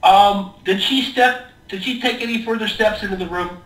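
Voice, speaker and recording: A male player asks alert questions at a tabletop game in a high voice. He is far from the mic in an echoey room. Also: moderate pace, fairly bright tone. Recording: roomy echo, distant mic.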